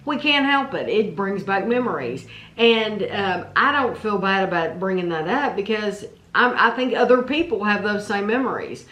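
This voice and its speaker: A woman's voice: medium pitch, lively intonation, moderate pace, hardly any pauses, a bit bright, reverberant. Chatty middle-aged Kentucky woman. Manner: chatty, rambling with restarts. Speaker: vlog co-host. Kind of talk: casual chat.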